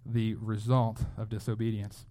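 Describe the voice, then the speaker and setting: A man's voice: lowish voice, level tone, normal speed, mellow. A man preaching a sermon as a pastor, in a conversational way, often repeating words as he goes. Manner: conversational, with frequent word repeats.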